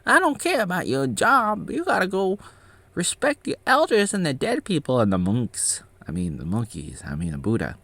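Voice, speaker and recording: A man voicing an angry male monk, scolding in a high, squeaky, shouted voice. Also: huge pitch swings, normal speed, gravelly, no echo, full character voice.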